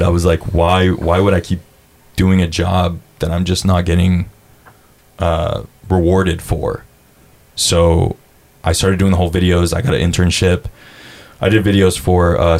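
Deep-voiced casual young man. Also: a little mellow. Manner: laid-back storyteller, says dude a lot, swears, acts out quotes. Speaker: podcast guest. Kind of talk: casual chat.

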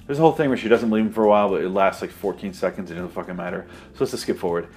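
A man's voice: low voice, very fast, a little mellow, faint music behind. A man giving a sarcastic, profane, rambling comedic recap of a movie plot.

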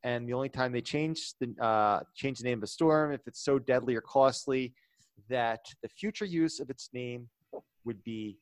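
A man co-hosting a casual podcast chat, playful and teasing. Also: mid-range voice. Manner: playful, teasing, quick to laugh. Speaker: podcast co-host.

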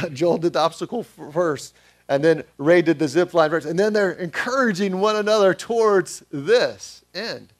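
A man's voice: fairly high pitch, normal speed. A male pastor giving a sermon in a conversational way, asking the congregation questions.

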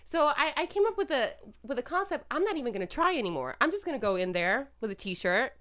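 A young adult woman in casual podcast chat, expressive and quick to laugh. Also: sits high.

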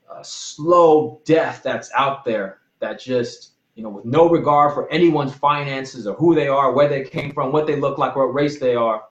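A man's voice: mid-range voice, fairly bright tone, reverberant, rough recording. A man giving an informal, earnest sermon, rambling with restarts and apologies as he talks about faith and protection. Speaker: pastor.

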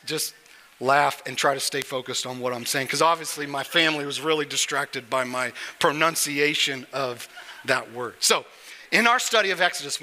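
Joking pastor preaching in an echoing hall. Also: male voice, a little high, bright, forceful tone. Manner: conversational, joking with the congregation. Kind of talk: sermon. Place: church sanctuary on stage.

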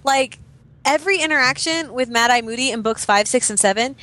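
A woman's voice: sits high, brisk, bright, forceful tone. A young woman co-hosting a casual book discussion, hesitant with many fillers and frequent laughter. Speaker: podcast co-host.

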